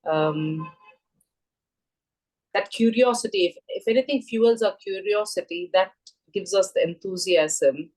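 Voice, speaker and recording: A woman's voice: mid-range voice, unhurried, long pauses, darkish tone, low-quality recording. A woman taking part in a class discussion, searching for her words as she thinks aloud. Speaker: student.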